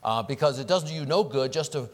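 A man preaching a sermon as pastor, animated and acting out the prayers and apologies he quotes. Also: mid-range voice, fairly quick. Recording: long reverb of a large hall.

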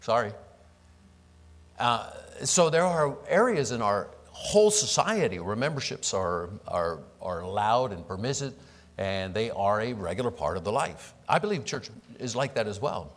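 A man's voice: fairly low pitch, sing-song, moderate pace, poor audio. A man teaching a Bible class as pastor, asking the class rhetorical questions and answering them himself.

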